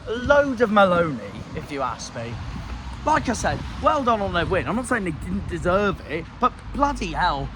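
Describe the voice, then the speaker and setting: Young man, West Country accent, furious swearing rant, high voice, street traffic in the background. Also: sing-song, normal speed. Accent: West Country English. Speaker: football fan vlogger. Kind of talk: angry post-match rant. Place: outdoors in a city street. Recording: outdoor street noise, traffic.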